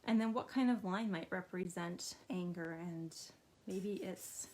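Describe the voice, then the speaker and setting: A woman art therapist, middle-aged, gently walking viewers through a drawing activity and speaking directly to them. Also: on the low side, measured pace. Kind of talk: instructional art therapy video.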